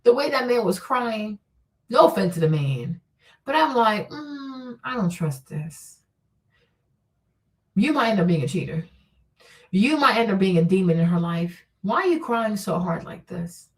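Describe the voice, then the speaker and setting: Her voice is mid-range and animated at a normal speed, captured far from the mic. She hosts a casual vlog, swearing heavily as she emphatically shares blunt views and repeatedly asks "okay?" and "right?".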